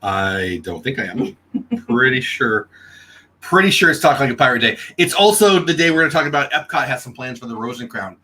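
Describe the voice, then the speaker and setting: Brief: talkative male livestream host, bright and forceful voice, greets chat nonstop. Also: medium pitch, lively intonation, a little fast, rough recording. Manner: chatty, greets viewers in the chat by name. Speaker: host of a daily news livestream. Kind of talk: casual live chat.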